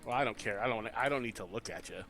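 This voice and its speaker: A man's voice: mid-range voice, fast, creaky, a bit bright, faint music behind. A man in casual chat among tabletop players, giving advice and repeating his words as he starts.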